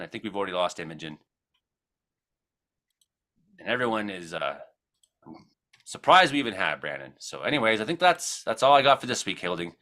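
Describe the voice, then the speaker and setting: A man's voice: deep voice, sharp tone. A Canadian man hosting a comedy weather show, chatting casually, joking and swearing freely.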